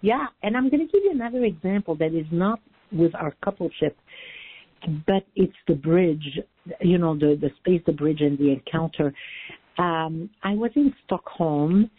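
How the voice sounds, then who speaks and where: A woman guest tells her story with earnest, emphatic conviction. Her voice is a little husky, and it comes through a thin, tinny phone line with a dry sound. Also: lowish voice, expressive, normal speed, dry recording. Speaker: interview guest, relationship teacher. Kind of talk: storytelling in conversation.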